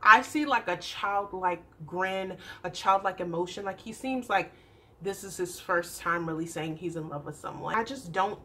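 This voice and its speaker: A young adult woman chatting through a casual TV recap, animated and acting out the people she describes. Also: on the low side, moderate pace. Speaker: YouTube TV recap host.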